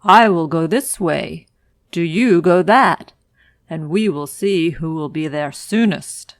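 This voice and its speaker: A woman's voice: deep voice, slow pace, no room sound, clean studio sound. A woman voicing a sly big wolf from a storybook. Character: big cunning male wolf. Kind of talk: storybook read-aloud.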